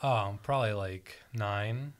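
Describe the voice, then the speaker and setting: A young man in casual podcast chat, telling a childhood story in halting bits with small laughs. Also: on the low side, crowd noise.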